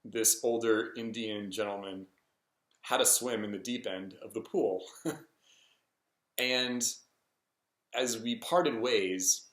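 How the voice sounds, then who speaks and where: A man's voice: fairly low pitch, takes it slowly, pauses often, fairly bright tone. A man vlogging a personal story in a casual, hesitant way, full of ums and restarts. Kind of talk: rambling personal story to camera. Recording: echoey room.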